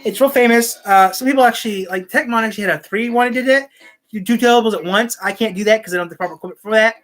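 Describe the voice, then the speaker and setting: A woman's voice: a little high, rapid-fire. A woman hosting her own channel, chatting casually at home and restarting her sentences often. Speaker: channel host. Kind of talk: rambling casual talk to camera. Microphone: desk microphone.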